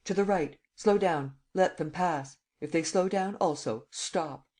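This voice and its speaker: A man voicing a gruff, threatening German count. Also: a little high, unhurried, darkish tone, pitched above the performer's own voice, lightly acted. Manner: curt, growling orders.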